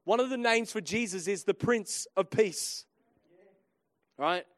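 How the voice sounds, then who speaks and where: A man preaching a sermon, telling a humorous family story with lively swings between quiet and loud. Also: sits high, measured pace, dry recording. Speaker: pastor.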